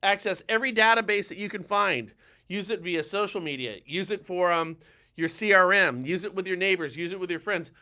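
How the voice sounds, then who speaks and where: A man's voice: high-pitched, brisk, pushed and bright. A man hosting a live-streamed coaching talk for mortgage lenders, speaking emphatically and urgently, blunt and a little profane. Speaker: mortgage lender and show host.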